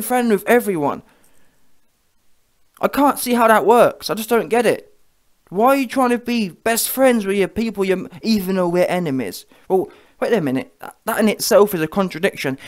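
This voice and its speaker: A man giving heated, mocking boxing commentary on his vlog and checking in with viewers as he goes. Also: high voice. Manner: heated, mocking, keeps asking the viewer "yeah?". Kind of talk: ranting reaction commentary.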